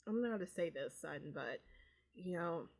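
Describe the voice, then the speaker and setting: A woman voicing a sheepish middle-aged father in a life-sim game, talking haltingly and stammering through a confession. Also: fairly low pitch, expressive, gravelly, a little mellow. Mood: earnest. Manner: hesitant, stammering.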